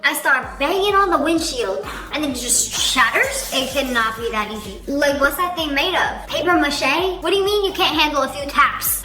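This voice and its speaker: A woman's voice: high-pitched, pushed and bright, roomy sound. A woman hosting a reaction video, chatting casually with playful sarcasm.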